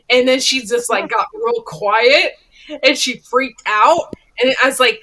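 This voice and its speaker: A woman's voice: on the high side, normal speed. A woman co-hosting a casual chat show, telling stories with lots of laughter. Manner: animated storyteller, laughs a lot. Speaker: podcast co-host.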